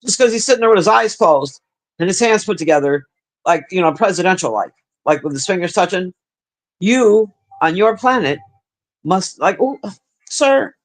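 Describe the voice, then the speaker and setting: A man's voice: high voice, lively intonation, normal speed. A man livestreaming, chatting casually and crudely with his viewers in a rambling way. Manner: profane, chatty, talks to the chat. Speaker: livestream host.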